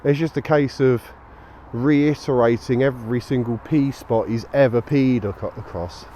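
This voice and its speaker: Out on a local street at dusk, a tired man walks his dog and chats casually, rambling and easygoing with lots of fillers. His mellow voice is medium-pitched at a moderate pace, recorded on a small action camera with a little hiss or hum.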